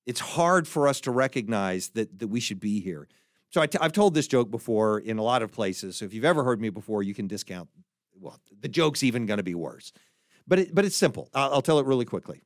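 A middle-aged male pastor giving a sermon, animated and acting out voices as he tells a joke. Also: mid-range voice, a little fast, no room sound, clean studio sound. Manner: animated, acts out voices in anecdotes and jokes.

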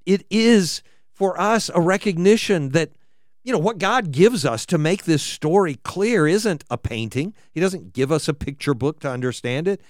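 A man preaching a sermon in a fairly high voice that swings widely in pitch as he reads scripture aloud. The sound is dry and close, with no room around it. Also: moderate pace, no room sound. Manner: expressive, rising and falling as he reads scripture aloud.

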